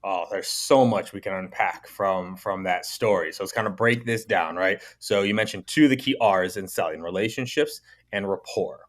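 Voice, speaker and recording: A man hosting a sales podcast interview, talking with an energetic, emphatic delivery. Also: deep voice, normal speed, few pauses. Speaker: podcast host.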